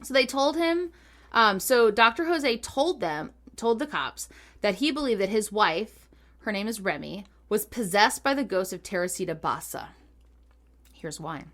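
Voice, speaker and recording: A woman co-hosting a podcast, telling a true-crime ghost story in a giggly, animated, chatty way. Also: mid-range voice, unhurried. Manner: giggly, animated, lots of laughter. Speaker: podcast co-host. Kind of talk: casual chat, storytelling.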